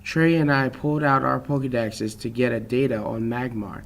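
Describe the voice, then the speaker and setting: A man's voice: mid-range voice, fairly even intonation, moderate pace, vocal fry. A young man reading his own fan story aloud at an easy pace, with small slips.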